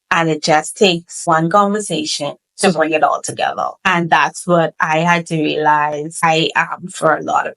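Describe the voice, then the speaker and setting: A woman's voice: low voice, low-quality recording. A young woman gives an earnest, preacherly testimony as a podcast guest, repeating phrases for emphasis. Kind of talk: emotional testimony.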